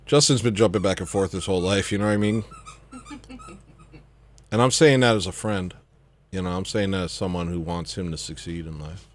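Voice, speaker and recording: A man's voice: sits low, a little fast, long pauses. A young man hosting a comedy livestream, rambling and joking as he reads the chat, laughing often. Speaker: livestream host.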